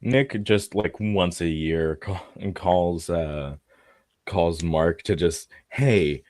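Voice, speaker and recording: A man with a very low voice chats casually among friends, stammering, restarting and cursing as he rambles. His mic is close and the sound dry. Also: slow pace, a little mellow, no room sound. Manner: rambling, stammering, swears and laughs. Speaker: player. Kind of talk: casual chat.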